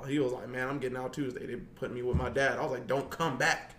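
A man's voice: fast, roomy sound. A man, a youth detention worker, telling a story in casual chat and acting out the quotes with big jumps in his voice. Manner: animated, acts out quotes with big pitch jumps. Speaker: guest.

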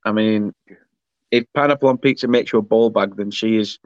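A man's voice: lowish voice, brisk, darkish tone, no room sound. Male host, casual and chatty, dry, muffled audio. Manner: chatty, laughs often, reads comments aloud. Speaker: podcast host reading viewer comments. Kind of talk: casual chat.

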